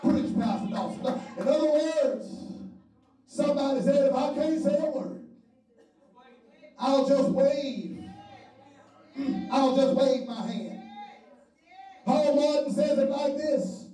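A man's voice: very high voice, takes it slowly, long pauses, dark tone, soft background music. A man preaching a sermon, whooping in a half-sung call-and-response style. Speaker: pastor. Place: large church sanctuary. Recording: echoey church hall from far off.

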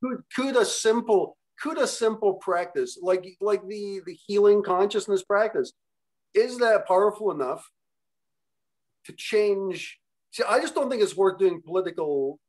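Male interviewer, higher-pitched, meandering and hesitant, casual chat. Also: unhurried. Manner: rambling, hesitant, many fillers and restarts. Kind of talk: casual conversation.

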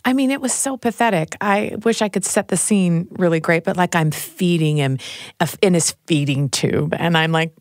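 A woman's voice: fairly low pitch, moderate pace, no room sound, clean studio sound. A middle-aged woman hosting a talk show, speaking candidly in casual chat and laughing often. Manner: candid, laughs often, acts out quoted lines.

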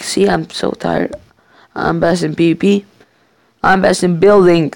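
Man gamer, casual play commentary, gravelly and unhurried, jokey bragging and frequent swearing, dry close sound. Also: high voice, no room sound. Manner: excitable, swears, jokingly boasts. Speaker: gamer playing a survival match. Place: his bedroom.

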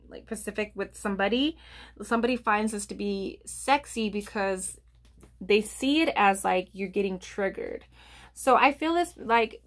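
A woman's voice: mid-range voice, fairly bright tone. Rambling woman giving a tarot reading. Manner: rambling, lots of fillers and restarts. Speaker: tarot reader.

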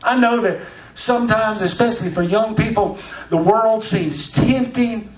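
High-voiced preacher in an echoey church. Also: male voice, a little slow, recorded from a distance. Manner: preaching with rising shouts. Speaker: pastor. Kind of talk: sermon.

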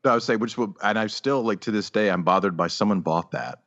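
A man on a podcast with a very low, deep voice, trading crude, teasing jokes. His mic sounds dull and lo-fi. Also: fairly quick, fairly bright tone, slight background noise. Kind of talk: casual comedic chat.

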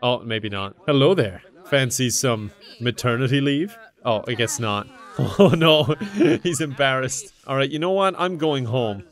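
A man's voice: medium pitch, lively intonation, a little slow. A young man giving casual gameplay commentary, often laughing, swearing and joking with the characters on screen. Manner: talks to game characters in silly mock voices. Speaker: gaming commentator.

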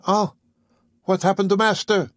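A man voicing an excitable, devoted male manservant who speaks formally to his master, in a storybook reading. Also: a little high, moderate pace, no room sound, studio quality, voice pushed up. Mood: excited.

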